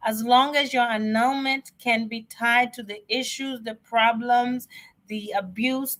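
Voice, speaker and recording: A woman answering immigration questions on a live stream, chatty and excitable, often repeating herself. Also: fairly high pitch. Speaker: immigration advisor.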